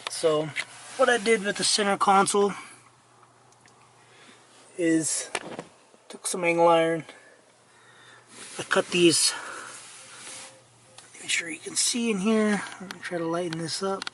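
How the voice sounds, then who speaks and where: A middle-aged man giving a rambling, casual walkthrough of his truck restoration inside the cab, his throat dry so he keeps clearing it, with many fillers and restarts. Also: high-pitched, takes it slowly, pauses often, a bit bright, slight background noise. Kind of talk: casual work-in-progress walkthrough.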